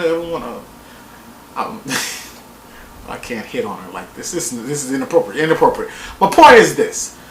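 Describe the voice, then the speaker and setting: A woman recapping a reality TV episode in a casual vlog, profane and animated, acting out quotes in exaggerated voices. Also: on the low side. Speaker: TV show reviewer. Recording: roomy echo.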